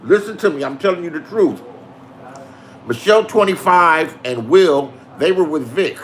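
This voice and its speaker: A man's voice: a little high, expressive, moderate pace. A man telling a profane story in a boastful rant, swearing and insisting that what he says is the truth. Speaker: online show host.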